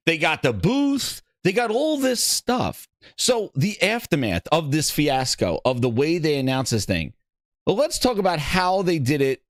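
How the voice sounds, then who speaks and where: A man hosting a gaming podcast, chatting excitedly, rambling, swearing and cracking himself up. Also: a little high, no echo, clean studio sound. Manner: rambling, laughs at his own jokes, swears a lot. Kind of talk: excited casual chat.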